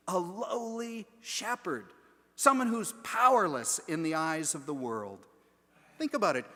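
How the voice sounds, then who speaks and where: A man preaching a sermon, moving from hushed, almost whispered lines to loud emphatic declarations. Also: on the high side. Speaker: pastor. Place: large church sanctuary. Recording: long echo of a large church sanctuary.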